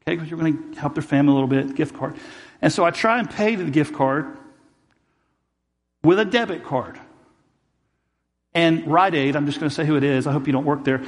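A man's voice: fairly high pitch, a little fast, pauses often, big-room sound. A man preaching a sermon as pastor, telling a personal story and acting out both sides of each argument.

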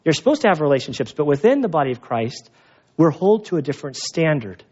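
A pastor giving a sermon, telling stories in a conversational, animated way. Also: male voice, a little high, quick pace, muffled recording. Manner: conversational storytelling with animated asides.

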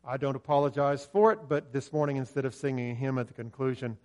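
A man's voice: mid-range voice, fairly even intonation, quick pace, darkish tone. A man from preaching a sermon, earnest and conversational, with hesitant restarts. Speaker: pastor.

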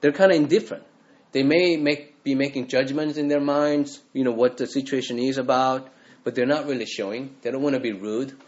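Male pastor, earnest conversational sermon, middle pitch, slightly muffled lo-fi sound. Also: fairly even intonation, a little fast, a little mellow. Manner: earnest, conversational preaching with acted quotes.

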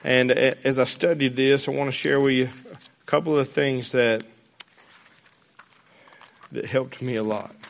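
A man's voice: medium pitch, steady tone, measured pace, gravelly, long pauses. A man preaching a sermon, folksy and conversational, rising to fervent emphasis.

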